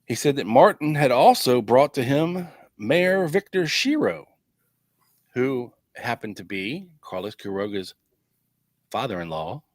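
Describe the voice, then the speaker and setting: A podcast host reading through old investigation files, casual and chatty, with wry asides thrown in between the quotes. His voice sits at an ordinary man's pitch. The sound is dry and close, with no room echo. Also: big pitch swings, measured pace. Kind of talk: casual chat, reading documents aloud.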